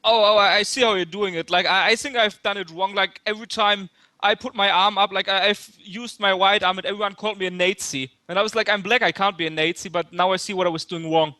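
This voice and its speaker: A jittery young male student , voiced by a man, phones in with a hammy put-on German accent and stumbles through every sentence. The voice sits high and sharp, recorded dry and close with no room around it. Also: fairly even intonation, fast talker, no echo. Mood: flustered. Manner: stammering, repeats words, earnest and flustered. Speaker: prank caller. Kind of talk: prank call-in.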